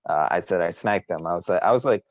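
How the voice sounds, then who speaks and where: Low-voiced man, boastful sports talk. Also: fast talker, no room sound, dull audio. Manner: boastful, teasing, rambling with restarts. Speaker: podcast co-host. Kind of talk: casual sports chat.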